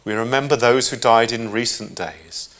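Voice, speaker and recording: A middle-aged man with a British accent, a rabbi leading a synagogue service and reading memorial names in a measured, solemn way with gentle asides. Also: medium pitch, fairly even intonation. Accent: British English. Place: synagogue sanctuary.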